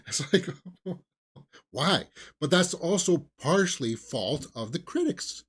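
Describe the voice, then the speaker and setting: A man's voice: medium pitch, expressive, a little slow, breathy edge. A man hosting a casual movie news stream, rambling and opinionated, with lots of fillers and restarts. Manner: sarcastic, mocking impressions of celebrities. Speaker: movie news show host. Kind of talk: casual live-stream chat.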